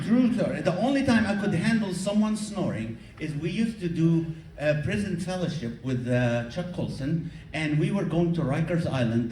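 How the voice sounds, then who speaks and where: A man doing stand-up comedy, teasing the audience in an animated way, recorded live from the crowd. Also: a little high, far from the mic, slight background noise. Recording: echoey hall taped from the audience. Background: audience laughter.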